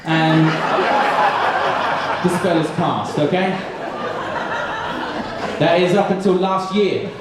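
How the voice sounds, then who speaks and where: A man from England performs a stand-up routine on a club stage, swearing freely and acting out little scenes as he tells them. His voice sits a bit high for a man. It is caught from a distance in a very echoey live room. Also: takes it slowly, pauses often, a crowd in the background. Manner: sweary, animated storytelling with voiced characters. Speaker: stand-up comedian. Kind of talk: stand-up comedy set. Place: comedy club stage with audience.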